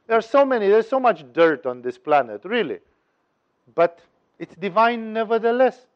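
A man giving a spiritual teaching talk, telling parables with wry humor and acting out their voices. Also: high-pitched. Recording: dull lo-fi recording.

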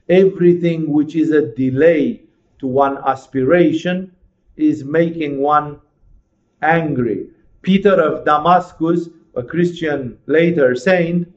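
Male spiritual teacher, fervent and rhetorical, a touch high-pitched; muffled lo-fi recording. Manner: passionate, rhetorical questions, acts out inner voices. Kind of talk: sermon-like lecture.

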